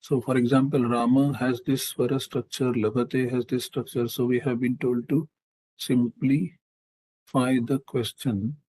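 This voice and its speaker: A man answering questions in a live online lecture, in a measured, explanatory way and using technical Sanskrit terms. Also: mid-range voice, level tone, mellow, husky, poor audio.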